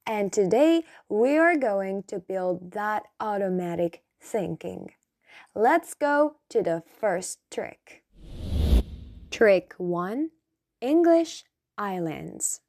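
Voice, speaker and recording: A woman teaching English in a slow, scripted lesson, saying each practice phrase twice for the listener to repeat. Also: medium pitch, very animated, darkish tone.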